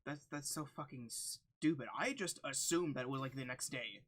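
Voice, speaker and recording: A man's voice: mid-range voice, normal speed, a bit bright. Exasperated man on a podcast. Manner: exasperated, swears. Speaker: podcast co-host. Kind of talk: casual reading with commentary.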